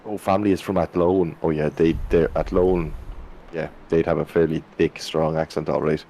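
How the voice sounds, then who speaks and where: An Irish man with a very deep, dark, mellow voice co-hosts a live racing stream. His humour is crude, blunt and sardonic, and a faint ambient hum sits under his talk. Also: level tone, normal speed, dull audio. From Ireland. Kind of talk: casual banter.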